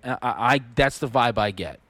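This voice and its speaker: A man's voice: medium pitch, expressive, brisk, a bit bright, dry recording. A man co-hosting a podcast, talking casually about music, rambling with restarts and frequent swearing. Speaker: podcast co-host.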